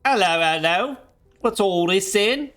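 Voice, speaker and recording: Young male game streamer, slightly high voice with lively pitch swings, jokey and rambling, reads on-screen text aloud. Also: a little slow, soft background music. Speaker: streamer playing a horror game. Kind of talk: live gameplay commentary.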